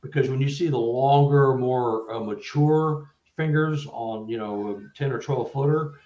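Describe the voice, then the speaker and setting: Male guest storyteller, halting delivery with stuttered restarts, roomy echoey sound. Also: medium pitch, highs cut off. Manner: halting, stuttered restarts, animated when retelling events. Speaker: guest, author. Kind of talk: casual storytelling in a live interview.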